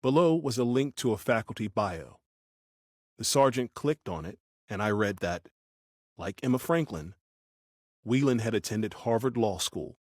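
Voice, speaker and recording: Man, audiobook narrator, first person, lowish voice, dry studio. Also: animated, unhurried, darkish tone, no echo.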